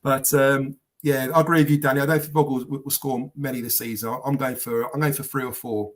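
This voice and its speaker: A man's voice: mid-range voice, steady tone, fairly quick. A man hosting a live podcast, chatting casually, rambling and swearing as he reads out viewer comments. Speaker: podcast host. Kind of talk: casual live-stream chat.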